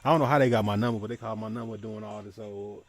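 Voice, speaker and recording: A man's voice: on the low side, steady tone, rapid-fire. A young man in casual conversation, talking in slang and rambling with many restarts. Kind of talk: casual chat.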